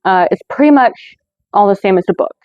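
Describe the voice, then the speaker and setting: A woman's voice: mid-range voice, expressive, fairly quick, no echo, muffled recording. A woman hosting her own movie review channel, talking in a chatty way with lots of fillers and self-corrections. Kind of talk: casual scripted review.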